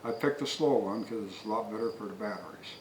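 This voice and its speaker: A man's voice: lowish voice, fast, a little hiss or hum. Folksy man telling a long story. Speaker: product reviewer. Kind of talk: rambling storytelling. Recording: echoey, distant from the mic. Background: faint crickets and insects.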